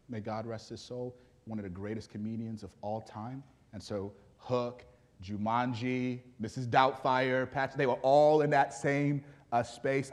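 A man's voice: mid-range voice, darkish tone. A man preaching a sermon as pastor, chatting casually with jokes before building to fervent emphasis. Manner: conversational with joking asides, building to fervent emphasis.

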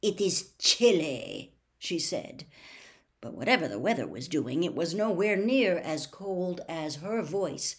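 Woman slowly reading a storybook aloud. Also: fairly low pitch, expressive. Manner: slow, measured reading. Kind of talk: storybook read-aloud narration.

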